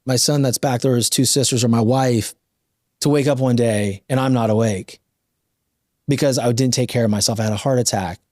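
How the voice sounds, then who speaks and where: Male podcast host in his thirties, emphatic and fired up, mid-pitched voice, dry close sound. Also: fairly quick, no room sound. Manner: animated, emphatic, motivational. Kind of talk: casual interview talk.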